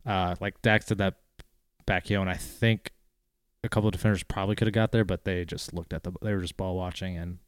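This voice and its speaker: A man co-hosts a casual sports podcast, chatting in a laid-back way and teasing his partner with short remarks. His voice is low and smooth. The sound is dry and close to the mic. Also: fairly even intonation, a little fast, dry recording. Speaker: podcast co-host.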